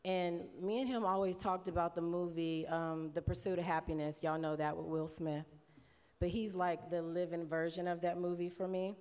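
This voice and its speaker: A woman's voice: lowish voice, level tone, normal speed, smooth. A woman giving a heartfelt tribute speech, chatty and laughing often, close to tears. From United States. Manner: warm, chatty, laughs often, mimics others in quotes. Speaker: award presenter giving an induction speech. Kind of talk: emotional tribute speech at a podium. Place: large hall. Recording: long hall reverb.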